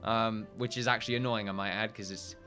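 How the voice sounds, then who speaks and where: A man's voice: on the low side, fairly even intonation, fairly quick, sharp tone, faint music behind. A man with a British accent giving rambling, jokey and profane commentary as he plays a game. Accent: British English. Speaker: gaming video host. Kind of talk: casual gameplay commentary.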